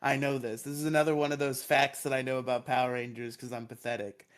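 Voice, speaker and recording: A man of middle pitch co-hosts a laid-back podcast. He recaps episodes with jokes and digs at himself. He argues his points with firm insistence. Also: flat delivery, quick pace, a loud crowd. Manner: joking, insistent, self-mocking. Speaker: podcast co-host.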